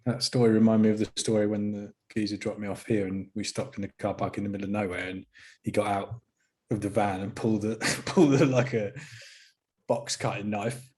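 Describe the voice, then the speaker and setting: A man's voice: fairly low pitch, steady tone, fairly quick, darkish tone. A man co-hosting a podcast, chatting casually with dry, wry asides. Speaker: podcast co-host.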